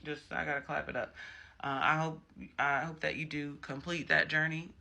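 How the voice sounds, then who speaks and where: A man's voice: a little high, level tone, moderate pace, creaky, sharp tone. A man giving a casual tarot reading, chatty and emphatic, with frequent personal asides. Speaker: tarot reader.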